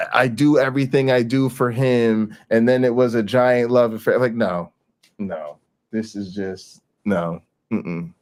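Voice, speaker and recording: A man hosting a casual commentary show, talking in a mocking, animated way and often repeating himself. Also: mid-range voice. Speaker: host.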